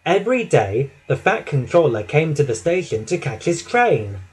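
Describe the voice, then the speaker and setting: A man narrating a children's storybook, reading slowly and expressively. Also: a little high, sing-song, breathy edge, low-quality recording.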